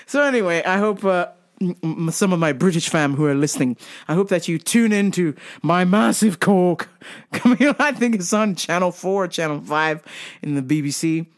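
A woman hosts her own show with a foul-mouthed comedic rant. Her voice swoops up and down with lively, animated pitch. Her delivery is brash and unfiltered. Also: moderate pace. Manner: profane, animated ranting. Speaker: vlog host.

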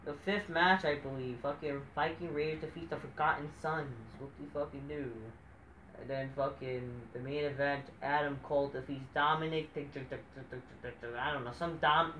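A woman's voice: sits low, moderate pace, fairly bright tone, roomy sound, slight background noise. A woman giving a profane, sarcastic rant reviewing a wrestling show, mocking and swearing constantly.

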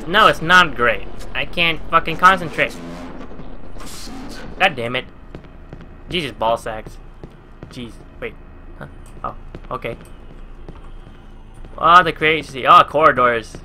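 A man's voice: a little high, takes it slowly, pauses often, pushed and bright, slight background noise. A man in his twenties from New Jersey, playing through a horror game and commenting, jumpy and swearing constantly, yelping when startled. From New Jersey, USA. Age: 20s. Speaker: let's play gamer. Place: at home at a gaming computer.

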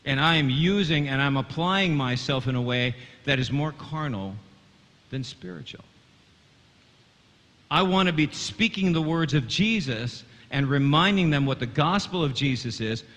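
Guy preaching a bible lesson, bright ringing voice, lots of uh uh restarts, long echo like a big church. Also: medium pitch. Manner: earnest, stumbling on fillers and restarts; addresses a congregation, asks them to repeat. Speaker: Bible teacher. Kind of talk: sermon teaching. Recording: long hall reverb.

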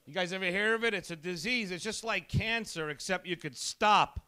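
A male stand-up comedian works a club audience with a profane, needling, abrasive delivery, starting fights with people as he goes. His voice sits high, bright, forceful and resonant, clear and at a moderate pace.

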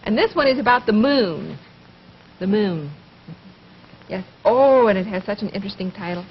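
A woman hosting a children's television show, speaking gently to young viewers, asking questions and pausing for answers, and reading poems aloud. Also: medium pitch, expressive, slight background noise. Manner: gentle, coaxing, asks questions and pauses for answers. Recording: dull lo-fi 1950s television recording.

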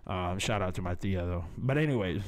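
A man's voice: low voice, a little fast. A young man, hosting a podcast and telling a story in a casual, profane, laid-back way, peppering it with "man" and "baby". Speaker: podcast host.

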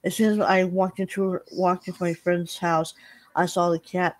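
A middle-aged woman chatting casually to her viewers, telling a halting, rambling story full of restarts. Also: lowish voice, level tone. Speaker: vlogger. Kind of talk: casual chat.

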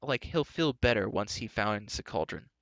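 A man's voice: fairly low pitch, expressive, normal speed, fairly bright tone, no room sound, lo-fi sound. A man reading aloud and voicing an earnest, caring young male hero.

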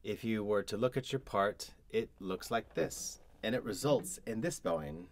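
A man teaching a cello lesson, explaining bowing patterns step by step and pausing to demonstrate. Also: on the low side. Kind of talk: instructional explanation.

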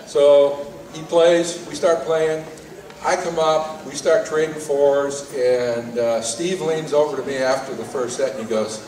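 A man, a saxophone player, telling an animated tribute story at a live awards event with many fillers. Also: on the high side, measured pace. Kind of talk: storytelling speech. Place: live music event stage. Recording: roomy hall from far off.

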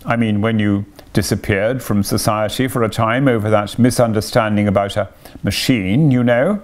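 A man's voice: fairly low pitch, moderate pace, lightly acted. A man voicing a sensible, earnest male water rat who speaks emphatically in a read-aloud storybook. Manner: emphatic, impressive.

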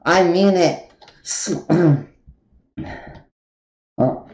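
A man streaming a game live, loud and profane, switching between screaming and laughing. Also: high-pitched, very slow. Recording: roomy, noisy stream audio.

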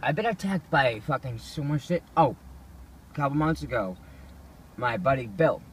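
A man's voice: mid-range voice, expressive, normal speed. A man in his ordinary middle register tells rambling, profane stories in a loose, offhand way. A faint hum of ambience sits behind him. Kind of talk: casual storytelling.

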